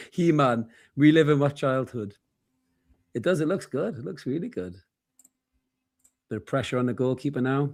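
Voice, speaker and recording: Brief: guy, 30s, laid-back sweary match-stream co-host, mid pitch. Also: expressive, unhurried, long pauses. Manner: chatty, swears freely, laughs often. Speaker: co-host of a football watchalong stream. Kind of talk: casual live match chat.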